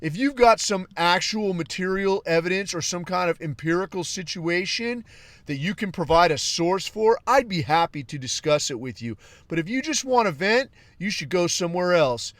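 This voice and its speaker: Man doing a condescending AI chatbot, preachy, pitched up, dry. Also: animated, moderate pace, fairly bright tone, no echo. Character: prim lecturing AI chatbot, condescending.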